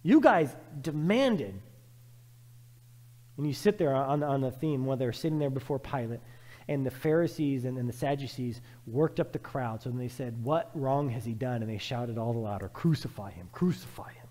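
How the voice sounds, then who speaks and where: A man preaching a sermon as pastor, emphatic and repetitive, swinging from loud urging to quiet, reflective passages. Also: mid-range voice, moderate pace, big-room sound.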